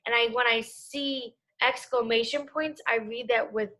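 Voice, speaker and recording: A young woman teacher giving an online reading lesson to young children, speaking clearly and encouragingly. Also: a little high, steady tone, pushed and bright. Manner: slow, clear and encouraging, talks to kids.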